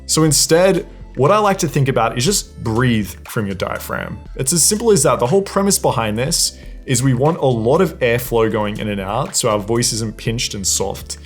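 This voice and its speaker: Young male voice coach, easygoing and demonstrative, mid-range pitch, soft music underneath. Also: expressive, moderate pace. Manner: casual, demonstrates exercises with hums and sighs. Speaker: dating and voice coach. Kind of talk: instructional talk to camera.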